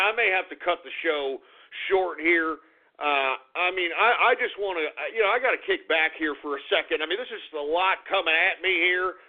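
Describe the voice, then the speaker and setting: A man hosting a talk radio show, ranting in exasperation and swearing often, swinging between muttered groans and shouts. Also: a little high. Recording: phone-like lo-fi radio recording.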